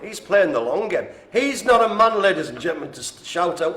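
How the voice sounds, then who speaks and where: A man's voice: high-pitched, expressive, a little fast, few pauses, a bit bright. A man calling bingo live in a care home, chatty and playful, joking with the room. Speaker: bingo caller. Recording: echoey room.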